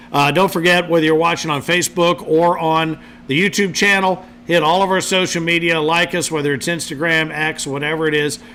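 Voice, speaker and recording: A man hosts a casual podcast, rambling from one topic to the next with easy jokes and plenty of fillers. His voice sits a bit high and has a bright, forward edge. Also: a little hiss or hum. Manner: chatty, jokey, loose with many fillers. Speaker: podcast co-host. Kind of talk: casual show hosting.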